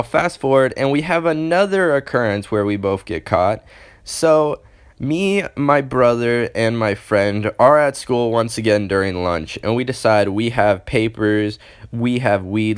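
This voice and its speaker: Casual low-voiced teen guy storyteller. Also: clean tone. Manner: casual, profane, rambling. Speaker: storytime vlogger.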